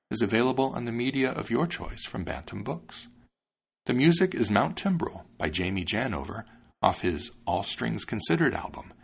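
A man hosting a podcast and reading a fairy tale aloud in an expressive, measured way. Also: on the low side, creaky, slightly rough. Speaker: podcast host and narrator.

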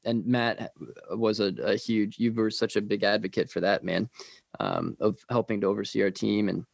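Earnest gravelly Midwestern man, quick. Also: lowish voice, steady tone, dry recording, studio quality. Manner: quick, earnest, with frequent fillers. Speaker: ministry team leader. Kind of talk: casual conversational storytelling.

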